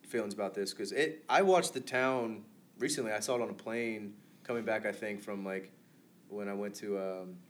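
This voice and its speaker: A man's voice: fairly low pitch, normal speed, a little hiss or hum. Laid-back man chatting about movies. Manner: loose, swears, laughs often. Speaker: podcast co-host. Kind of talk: casual movie chat.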